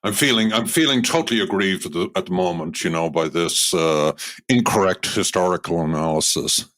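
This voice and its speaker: A man's voice: low voice, fairly quick, a bit bright, no room sound, clean studio sound. A man from Ireland co-hosting a podcast interview, talking in a wry, teasing way with some hesitations. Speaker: podcast co-host. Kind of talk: conversational interview.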